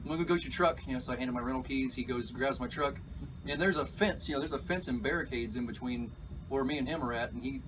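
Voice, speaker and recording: A man telling a story as an interview guest, animated and excitable, laughing as he acts out what others said. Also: medium pitch, fast talker, distant mic, background noise. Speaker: alligator catcher, guest. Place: outdoors at an animal park.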